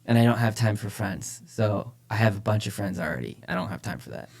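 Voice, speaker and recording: A man's voice: lowish voice, big pitch swings, a little fast, vocal fry, darkish tone. A man co-hosting a church podcast, talking casually and with energy about faith, often repeating phrases for emphasis. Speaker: podcast co-host, church leader.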